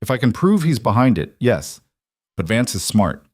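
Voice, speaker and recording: A man voicing a steady, determined frontier marshal who speaks in a firm, measured, matter-of-fact way. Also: mid-range voice, no echo, clean studio sound.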